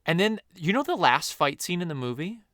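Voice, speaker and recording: Animated man chatting film trivia. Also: fairly high pitch, a little fast, no echo, studio quality. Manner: animated, shares film trivia with filler words. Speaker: podcast co-host. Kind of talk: casual movie podcast chat.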